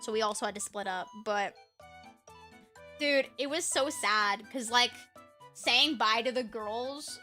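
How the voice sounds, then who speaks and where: A young woman streamer telling a trip story in casual live-stream chat, animated and swearing freely. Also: a little high, normal speed, faint music behind.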